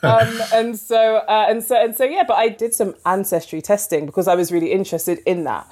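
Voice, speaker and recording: A woman novelist from London, chatting as an interview guest, filling with "like" and acting out quoted dialogue. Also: fairly quick. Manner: chatty, fills with "like", acts out quoted dialogue with lively pitch jumps. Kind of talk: casual storytelling interview.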